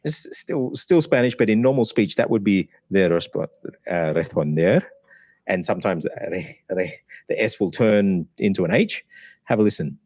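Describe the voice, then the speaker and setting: An Australian man coaching pronunciation, slowly sounding out words and breaking down how each sound is made. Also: low-pitched, expressive, a little mellow, no echo, clean studio sound. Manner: slow, deliberate, sounds out words to demonstrate. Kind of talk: pronunciation analysis.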